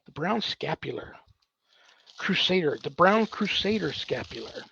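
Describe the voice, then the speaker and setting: A man's voice: fairly high pitch, expressive, unhurried, vocal fry, bright, forceful tone, breathy edge, highs cut off. A man, a priest hosting his own show, answers viewer questions at home in a casual, rambling way full of fillers. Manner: rambling, filler-heavy, thinking aloud. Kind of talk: casual livestream Q&A.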